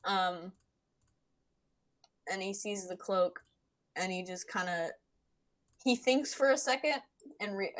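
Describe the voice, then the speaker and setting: A woman's voice: mid-range voice, a bit bright. A woman playing a tabletop role-playing game who casually describes her character's actions and asks questions. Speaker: player.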